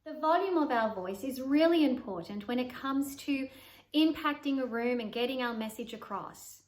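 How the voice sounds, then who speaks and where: A woman voice coach giving an instructional talk to camera, demonstrating vocal exercises by shifting her pitch and volume. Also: moderate pace. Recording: roomy echo.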